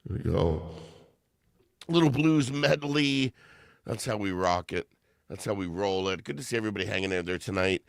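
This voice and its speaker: A man's voice: fairly low pitch, moderate pace, vocal fry, no echo, clean studio sound. A man hosting a live music stream, singing blues and rock covers over guitar, then chatting loosely with a guest. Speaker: host.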